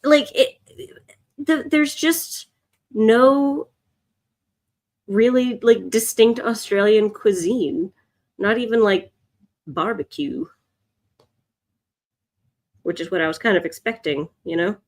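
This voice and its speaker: A woman's voice: fairly high pitch, takes it slowly, pauses often. A woman hosting a live drawing stream, chatting casually and answering viewers' comments. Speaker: art livestream host. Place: home, in Chicago.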